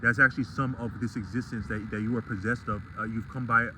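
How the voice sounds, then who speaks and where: A man's voice: medium pitch, steady tone, fast talker, noisy background. A man talking through a casual vlog monologue, digressive and full of restarts and fillers. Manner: rambling and digressive, many restarts.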